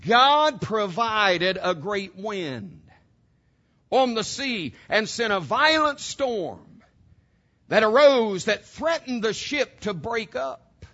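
High-voiced emphatic male preacher. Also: sing-song, slow, sharp tone, highs cut off. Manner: emphatic, addresses congregation directly with rhetorical questions. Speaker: pastor. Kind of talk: sermon.

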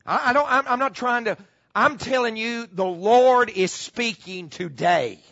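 A middle-aged male pastor preaching a sermon, repeating key phrases and dropping into hushed tones. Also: very high voice, a little slow, vocal fry. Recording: muffled, slightly lo-fi.

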